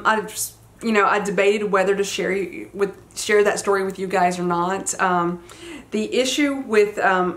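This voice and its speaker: A woman in her forties with a Southern American accent, telling a personal story to her viewers in a casual, chatty way, full of fillers and acted-out quotes. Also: lowish voice. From United States. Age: 40s. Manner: chatty, many fillers, retells quotes animatedly. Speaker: vlogger.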